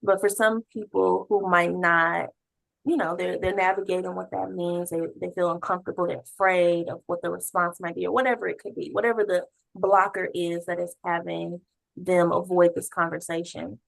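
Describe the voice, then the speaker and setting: A woman hosting an interview, asking thoughtful questions in a relaxed, conversational way with frequent fillers. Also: lowish voice, normal speed, vocal fry, dry recording, poor audio. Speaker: podcast host.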